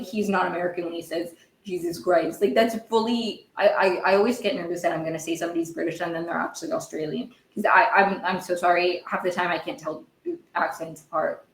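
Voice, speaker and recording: A woman's voice: fairly low pitch, steady tone, reverberant, low-quality recording. A woman hosting a podcast, recapping a TV episode in a casual, rambling way, often correcting herself and getting heated. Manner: rambling, self-correcting, quick to get heated. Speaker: podcast host.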